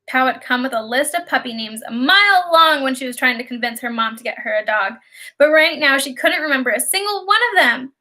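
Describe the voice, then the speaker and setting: A woman reading a children's novel aloud as an audiobook narrator, in expressive, lively storytelling. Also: sits high, a little fast.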